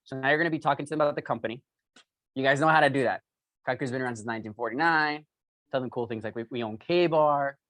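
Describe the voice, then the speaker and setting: A man giving a motivational sales training talk, telling an excitable story full of fillers and acting out both sides of a phone call. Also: mid-range voice, racing, no room sound. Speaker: sales speaker coaching a sales team.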